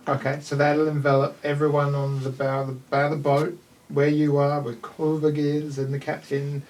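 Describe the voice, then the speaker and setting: A man running a tabletop game as game master, narrating scenes in an animated way. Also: on the high side, normal speed, distant mic, low-quality recording.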